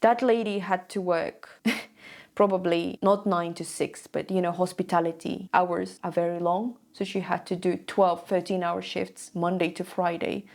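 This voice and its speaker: A woman's voice: lowish voice, creaky, darkish tone. A young woman vlogger telling a story to camera in a casual, chatty way, often checking in with "okay?".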